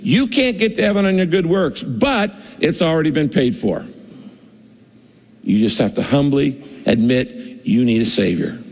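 Male pastor, conversational sermon, slightly high gravelly voice, echoing hall. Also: animated, measured pace, a little mellow. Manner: conversational preaching, acts out quoted voices.

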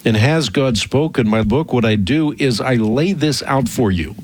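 A man hosting a radio call-in program, answering a caller in a measured, emphatic teaching manner that stretches out key phrases. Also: mid-range voice, lively intonation, faint music behind.

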